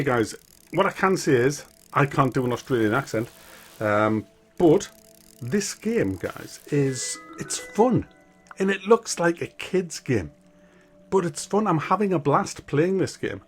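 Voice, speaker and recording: A man's voice: fairly high pitch, sing-song, unhurried, music in the background. A man giving a casual video game review, rambling, swearing freely and poking fun at himself. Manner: rambling, profane and self-mocking.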